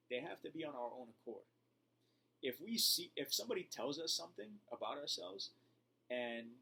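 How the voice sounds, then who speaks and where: A man giving calm, earnest self-help advice to camera in a casual vlog. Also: medium pitch, a little hiss or hum, poor audio. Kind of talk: motivational talk to camera.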